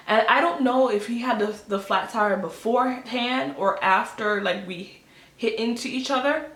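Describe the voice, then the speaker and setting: A young woman tells a story to her camera in a lively, filler-filled way, slipping into the voices of the people in it. Her voice sits a little high, and the room around her rings with echo. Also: normal speed. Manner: animated, acts out quotes, many fillers. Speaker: vlogger. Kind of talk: storytime vlog.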